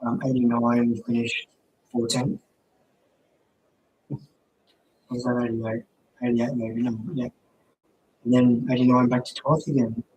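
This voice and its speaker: A young man co-hosting a casual sports livestream, mostly giving short, quiet agreeing replies. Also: medium pitch, level tone, slow pace, long pauses, slight background noise, low-quality recording. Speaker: livestream co-host.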